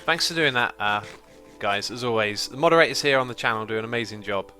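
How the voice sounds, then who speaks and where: Man, livestream host, casual chatty talk, bright forward voice, mid pitch, faint music underneath. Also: fast talker. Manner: chatty, reads out viewer donations and messages. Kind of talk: casual gameplay livestream chat.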